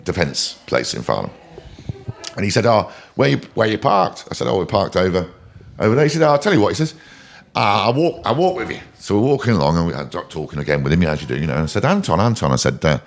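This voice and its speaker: A man, a podcast guest and company chairman from England, chatting casually in a studio and telling animated, laugh-filled anecdotes. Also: very deep voice, gravelly. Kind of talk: casual storytelling chat. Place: recording studio.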